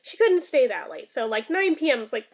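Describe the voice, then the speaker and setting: A woman's voice: sits high, sing-song, fairly quick, a little hiss or hum. A woman vlogger in casual, chatty talk, emotional and sprinkled with "like" and "um". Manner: chatty and emotional, many fillers like "like" and "um". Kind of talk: casual vlog chat.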